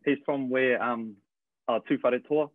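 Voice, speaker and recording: A man's voice: mid-range voice, steady tone, measured pace, dry recording. A laid-back New man hosting a radio chat, asking questions in short, easygoing bursts. His voice comes through a thin, phone-like line with no room sound. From New Zealand. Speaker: radio host. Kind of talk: casual interview.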